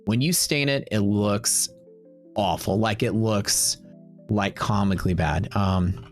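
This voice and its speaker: Man, casual livestream host, lowish voice, lots of fillers, animated retelling. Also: slow, soft background music. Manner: animated storytelling with frequent fillers and quoted back-and-forth. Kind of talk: casual rambling story.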